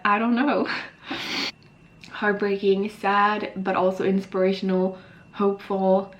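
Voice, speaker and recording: Young woman, early 20s, tearful, halting, unhurried, sighs between thoughts. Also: mid-range voice, level tone, highs cut off. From Sweden. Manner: emotional, halting, many fillers and sighs. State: tearful after crying. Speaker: book vlogger. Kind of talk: emotional reading vlog. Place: alone at home talking to camera.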